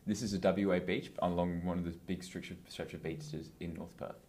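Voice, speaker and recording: A man from Western Australia co-hosting a podcast, chatting casually and teasing his co-host. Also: low-pitched. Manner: animated, teasing, quick to laugh. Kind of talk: casual chat.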